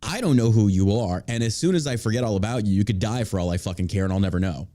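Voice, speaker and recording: Male podcast host, low dark voice, brash and profane, casual mocking banter. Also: quick pace.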